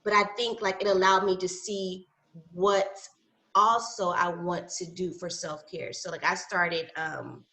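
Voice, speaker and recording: A woman's voice: lowish voice, steady tone, unhurried, sharp tone. A woman chatting casually in a group conversation, rambling with many fillers as she talks over a video call. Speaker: mom and educator in panel talk. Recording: roomy echo.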